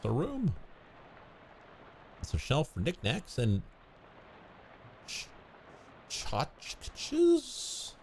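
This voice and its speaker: A man streaming a game, reading on-screen text aloud in a casual way and often tripping over words before correcting himself. His voice is gravelly, with pitch that moves freely up and down. He speaks into a desk microphone with a faint hum of background ambience. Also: wildly swooping pitch, slow pace, long pauses, darkish tone.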